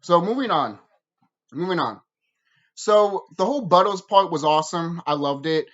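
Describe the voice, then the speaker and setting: A woman's voice: lowish voice, normal speed, lo-fi sound. A woman ranting in a review vlog, swearing freely, with lots of fillers and restarts. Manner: animated, profane ranting with many fillers and restarts. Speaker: show reviewer.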